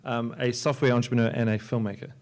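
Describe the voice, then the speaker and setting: A man, a software entrepreneur and filmmaker, giving a loose, joking talk on a library panel, with many restarts and fillers. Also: mid-range voice, level tone, fast. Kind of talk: conference talk. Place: lecture hall at a library.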